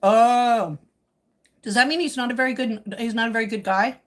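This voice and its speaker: A woman hosting a casual live stream, answering viewer comments in a chatty, teasing way, with a slightly husky voice. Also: fairly high pitch, fairly even intonation, moderate pace, a bit bright. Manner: speaks while eating. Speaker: livestream host chatting with viewers.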